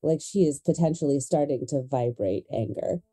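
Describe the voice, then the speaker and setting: Low, dark-voiced woman player. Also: normal speed, rough recording. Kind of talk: casual role-play talk.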